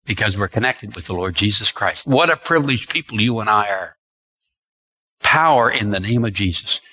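Emphatic preacher with a lively, bright voice. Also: male voice, medium pitch, poor audio. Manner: emphatic and repetitive, stretching key words. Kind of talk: sermon.

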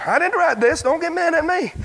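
A male pastor preaching a fervent sermon, shouting his points and dropping to a hush to tell a story. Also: extremely high pitch, lively intonation, brisk, vocal fry, poor audio. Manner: fervent, swings from loud shouting to hushed storytelling.

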